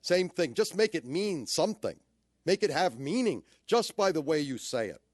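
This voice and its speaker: A man's voice: on the high side, very animated, normal speed, no echo. Guy giving a lecture, acting out how tone changes meaning, swoopy voice, dry sound. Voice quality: playful, theatrical, shifting emphasis to demonstrate. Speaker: audio describer giving a talk. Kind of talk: lecture with spoken demonstrations.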